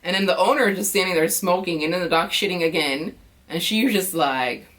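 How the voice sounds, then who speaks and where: An American woman talking casually in an animated, chatty way, acting out quick reactions as she tells stories. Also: lowish voice. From United States. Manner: animated, chatty storytelling with lively quoted reactions. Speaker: vlogger. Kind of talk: casual chat.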